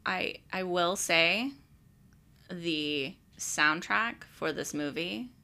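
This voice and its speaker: A woman's voice: fairly low pitch, drawn-out words, bright, forceful tone, smooth. A woman co-hosting a podcast, chatting casually about a movie, laughing easily and trailing off mid-sentence. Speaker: podcast co-host. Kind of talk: casual movie review chat.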